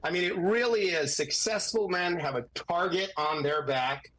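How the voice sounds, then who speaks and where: A man talks as a guest attorney on a podcast, animated and fond of acting out quoted voices. His voice sits fairly high and has a husky edge. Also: moderate pace, poor audio. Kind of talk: podcast commentary.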